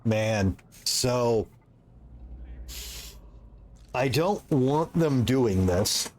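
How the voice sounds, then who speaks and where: A man streaming a game playthrough, reading the game's text aloud and adding casual, halting asides. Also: mid-range voice, lively intonation, darkish tone.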